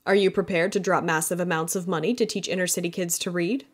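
Woman doing a calm wry young guy, low-key, audiobook. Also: fast, natural voice.

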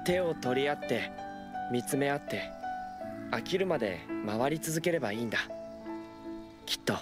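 An actor voicing a polite, earnest teenage schoolboy in an anime. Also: male voice, mid-range voice, expressive, quick pace, natural voice. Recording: anime clip with music behind.

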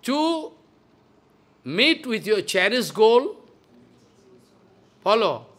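Male spiritual teacher, high voice, emphatic scolding devotional sermon. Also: sing-song, very slow. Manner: emphatic and scolding, swinging between loud and hushed. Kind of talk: devotional lecture.

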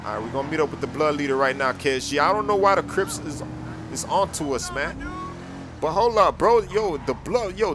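A young man talking in loud, slang-heavy street talk while role-playing a character in a video game. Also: a little high, animated, brisk, faint music behind. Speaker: gaming YouTuber playing a character. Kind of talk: role-play gameplay commentary.

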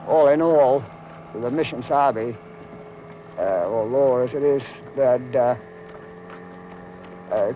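An older man speaking slowly in an interview, pausing often with fillers as he recalls the past. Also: medium pitch, a little hiss or hum. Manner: slow, halting, many uh fillers. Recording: dull lo-fi film audio.

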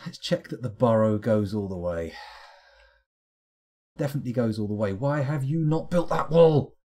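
A man commentating a live game stream with a husky voice. His pitch jumps around animatedly as he cheers on and teases the characters on screen. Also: moderate pace. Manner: excitable, joking, talks to the game characters.

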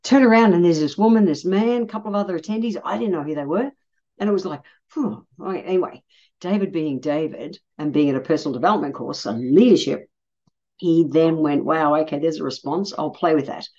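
A middle-aged Australian woman telling a personal story in a casual, blunt way, swearing freely and getting animated when she quotes people. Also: sits low, a little fast, highs cut off. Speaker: podcast host.

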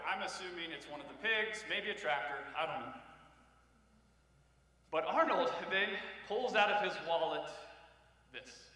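A man's voice: on the high side, lively intonation, moderate pace, pauses often, bright, forceful tone. A man with an Ohio accent preaching a sermon in a church, telling stories with humor and asides to the congregation. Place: church sanctuary. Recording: echoey church hall from far off.

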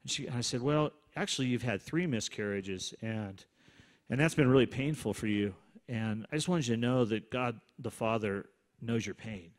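Guy telling a story about praying for people, relaxed and chatty, average voice. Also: medium pitch. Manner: conversational, relaxed, quick asides. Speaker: minister sharing a testimony. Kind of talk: storytelling testimony.

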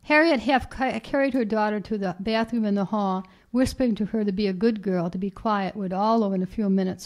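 A woman author reading her short story aloud at a reading event, her narration measured and even. Her voice sits at a middle pitch with a steady, literary pacing. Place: reading event at a writers' house.

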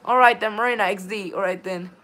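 A woman streaming live gameplay who rambles, reads viewer chat aloud and greets viewers, with sudden excited bursts and a habit of repeating "all right then". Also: mid-range voice, fast. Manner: sudden excited bursts when directing players. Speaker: game streamer.

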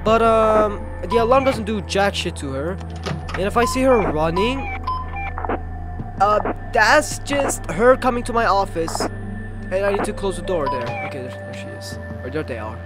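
A jumpy horror gamer whose pitch swings wildly while they stammer and swear through the game. Game music plays clearly underneath. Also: animated, normal speed. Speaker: gameplay streamer.

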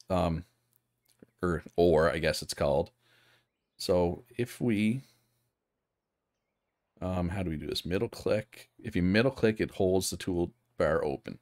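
A man with a low, deep voice gives casual live commentary on a strategy game. He thinks aloud and stops to answer viewers' chat. The recording is dry and close. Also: animated, a little slow, gravelly, a little mellow, dry recording. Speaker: streamer.

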